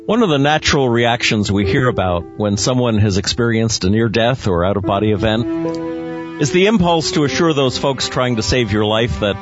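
A man hosting a radio interview show, speaking in a measured, friendly way. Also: mid-range voice, lively intonation, lo-fi sound, over music.

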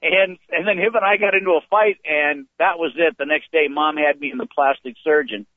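Male comedian, lively storyteller, plays the people in his stories, slightly raised pitch, muffled dry lo-fi sound. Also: fairly quick, dry recording. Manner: animated storyteller who acts out voices. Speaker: comedian guest. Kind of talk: casual storytelling chat.

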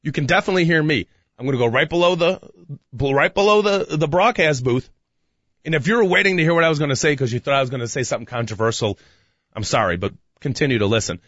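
Excitable man, rambling podcast chat. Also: a little high, fast talker, dry recording, highs cut off. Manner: rambling, excitable, with frequent restarts and shouted bursts. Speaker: podcast co-host. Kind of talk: casual radio-style chat.

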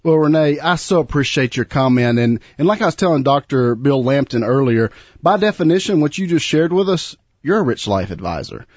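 A man's voice: medium pitch, big pitch swings, brisk, breathy edge, no echo, muffled recording. Chatty male talk show host. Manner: warm, chatty, repeats words. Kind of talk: radio talk show chat.

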